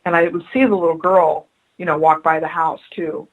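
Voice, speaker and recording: A woman's voice: low voice, fairly even intonation, moderate pace, slightly rough, poor audio. A woman being interviewed on radio as a spiritual adviser, telling stories earnestly and repeating her key phrases for emphasis. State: choked up.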